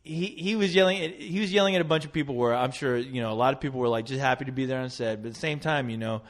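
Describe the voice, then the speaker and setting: A man's voice: medium pitch, fast talker. A man telling a story in a casual podcast chat, laughing often and acting out what others said. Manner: animated storytelling, laughing, acts out quotes. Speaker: co-host.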